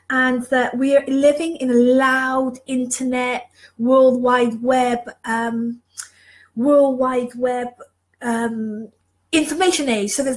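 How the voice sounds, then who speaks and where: The audio is low quality, carrying a high-pitched woman's voice. She's a leadership mentor, moved and emotional, giving a passionate live motivational talk to viewers and repeating phrases for emphasis.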